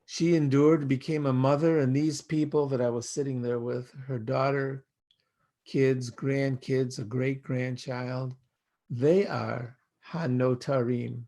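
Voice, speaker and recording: Older American man, rabbi, slow meditative sermon, gravelly low-energy delivery. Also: fairly even intonation, mellow. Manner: slow, measured, poetic phrasing. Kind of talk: reflective spoken sermon.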